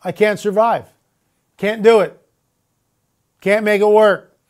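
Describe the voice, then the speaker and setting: High-voiced man hosting a talk show. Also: steady tone, slow pace. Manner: emphatic, repeats himself, rhetorical questions. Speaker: radio talk show host. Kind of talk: casual monologue on air.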